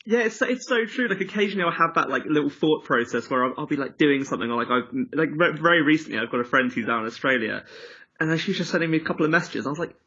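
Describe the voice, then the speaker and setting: A man's voice: on the high side, animated, fast, bright, forceful tone. Easygoing male host on a call. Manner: easygoing, says "like" often. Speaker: radio show host. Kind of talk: casual interview over a video call. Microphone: video call. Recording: slightly dull call audio.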